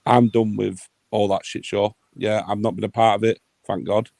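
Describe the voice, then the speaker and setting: A man's voice: fairly low pitch, level tone, normal speed, creaky, darkish tone, dry recording. A man hosting a livestream, ranting in a heated, sweary, blunt way. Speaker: livestream host.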